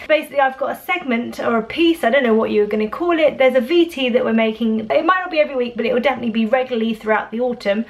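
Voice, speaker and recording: A woman's voice: fairly high pitch, creaky. A woman in her thirties from England chatting casually to camera in a rambling vlog, full of restarts. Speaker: vlogger.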